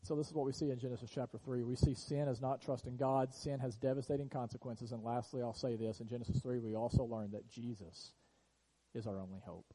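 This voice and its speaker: A pastor preaching a sermon to his church, earnest, sometimes dropping to a hush on key lines. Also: mid-range voice, steady tone, fairly quick, rough recording. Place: church sanctuary.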